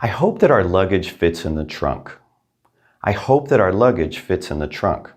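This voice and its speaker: Deep-voiced man teaching a language lesson. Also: big pitch swings, moderate pace. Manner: upbeat, repeats each practice sentence twice. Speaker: Spanish teacher.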